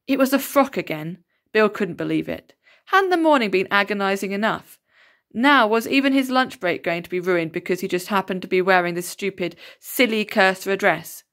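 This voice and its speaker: A woman reads a children's novel aloud with steady expression. Her voice sits in a middle pitch. She narrates evenly from line to line. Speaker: storybook reader.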